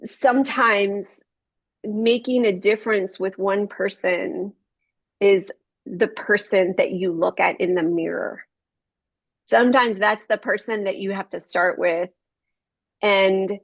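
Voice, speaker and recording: A woman's voice: medium pitch, dry recording. A woman shares a heartfelt Christian devotional story in an earnest, personal voice, talking straight to her listeners. The recording is dry and close, with a slightly dull, lo-fi sound. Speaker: Christian book reviewer.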